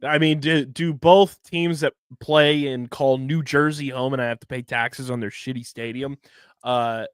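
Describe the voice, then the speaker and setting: A man's voice: mid-range voice, steady tone, a little slow, smooth, no room sound. A man hosting a casual chat, teasing and hyping up his friends.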